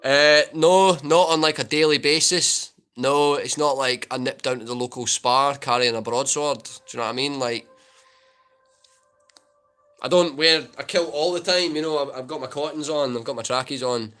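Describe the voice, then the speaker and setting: Chatty Scottish man, bright voice. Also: medium pitch, moderate pace, clean tone. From Scotland. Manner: joking, chatty, reads and answers viewer comments. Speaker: livestream host answering chat. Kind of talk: casual livestream Q&A.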